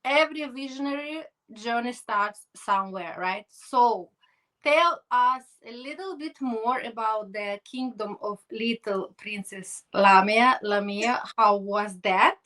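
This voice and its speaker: A woman's voice: a little high, slow, pushed and bright, low-quality recording. Effusive woman hosting a podcast. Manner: effusive, encouraging. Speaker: podcast host. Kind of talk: interview.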